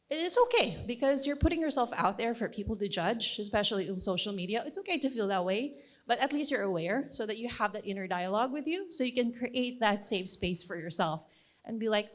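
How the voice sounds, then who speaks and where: A fairly high-voiced woman speaks at a conference. She talks to the audience like friends, casual and encouraging, leaning on fillers as she thinks aloud. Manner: conversational, encouraging, with many fillers. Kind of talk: conference presentation.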